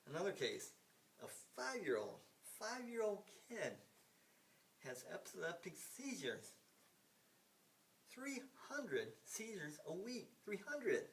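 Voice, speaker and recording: A man's voice: sits high, very animated, slow, pauses often. A man in his sixties from the United States, rambling in a casual monologue with emphatic repetition, frequent restarts and the odd swear word. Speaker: vlogger. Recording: hissy, from some distance off the mic.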